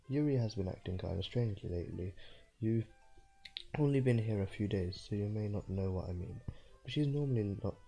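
A nervous schoolgirl pours her worry about a friend into a note, as a man reads it aloud during a game playthrough. The voice is low and mellow, earnest and pleading. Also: vocal fry, slightly rough. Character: anxious cheerful schoolgirl writing a worried note. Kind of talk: let's play voice reading.

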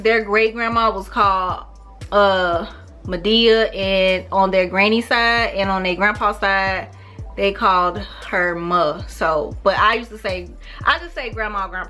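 A woman in her thirties with a St. Louis accent, chatting casually to camera in a relaxed, slangy way. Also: mid-range voice. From St. Louis, USA. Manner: relaxed, slangy, animated with laughs. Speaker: YouTuber. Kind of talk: casual vlog, talking to camera.

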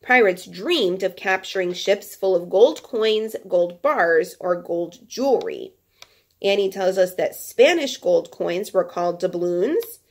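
A woman's voice: lowish voice, animated, slow pace. A woman teacher reading a children's nonfiction book aloud to her class, breaking off for chatty, playful asides.

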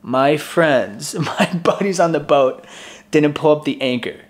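A man's voice: a little high, measured pace. Chatty young man telling a story. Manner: chatty, laughs often, acts out quoted voices. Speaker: vlogger. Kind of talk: casual personal storytelling.

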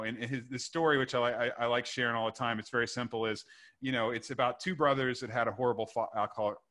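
A man's voice: mid-range voice, a bit bright. A male guest author in a casual podcast chat, rambling earnestly as he tells a story.

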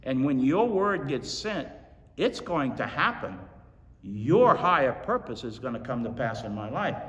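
A man's voice: mid-range voice, very animated, measured pace, a bit bright. A male pastor preaching a folksy, storytelling sermon full of emphatic repetition to his congregation. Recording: reverberant hall.

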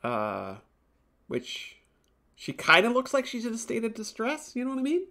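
This man runs a live gameplay stream, talking with viewers about snacks and drinks while reacting to the game and laughing readily. He has an extremely high, creaky voice that's pushed and bright, with huge swings in pitch, and he talks at a normal speed.

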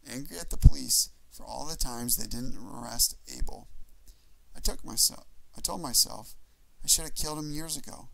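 Gravelly man reading a memoir. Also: mid-range voice, pushed and bright, low-quality recording. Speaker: audiobook reader. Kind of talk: memoir audiobook narration.

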